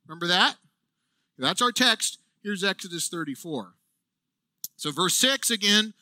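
A man preaching a sermon as a pastor, with earnest, animated delivery and emphatic asides. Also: sits high, unhurried, long pauses, no echo.

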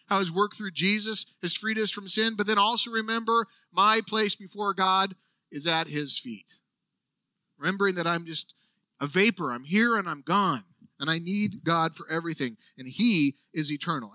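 A man preaching a sermon as a pastor, with earnest, animated delivery and emphatic asides. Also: high-pitched, no echo.

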